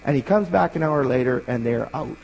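A male pastor preaching a sermon in an earnest way, rising to emphatic bursts and dropping quiet. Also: mid-range voice, lively intonation, a little fast, creaky, husky, highs cut off. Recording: long hall reverb.

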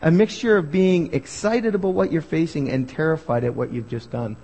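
A man preaching a sermon, animated and asking the congregation questions. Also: fairly high pitch, moderate pace, gravelly, husky. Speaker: pastor. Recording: hall reverb.

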